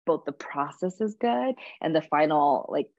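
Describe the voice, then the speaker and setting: A woman's voice: low voice, a little slow, dry recording, highs cut off. A woman actress being interviewed, chatting casually and animatedly, acting out quotes and saying "like" a lot. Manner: animated storytelling, acts out quotes, many "like"s. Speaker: guest actress.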